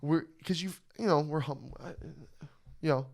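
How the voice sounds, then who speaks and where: A man co-hosting a podcast, telling a story in casual chat, animated and swearing, often asking "you know what I mean". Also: fairly high pitch, moderate pace, gravelly. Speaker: podcast co-host.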